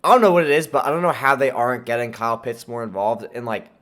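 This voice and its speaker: A man's voice: medium pitch, quick pace, fairly bright tone. Young man, nasal from a sore throat, slight lisp, casual opinionated sports chat, lots of fillers. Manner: opinionated, rambling with fillers and restarts. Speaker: sports podcast host.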